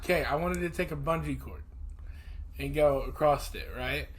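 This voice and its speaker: A man's voice: fairly high pitch, moderate pace. Joking man on a podcast. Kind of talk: casual chat.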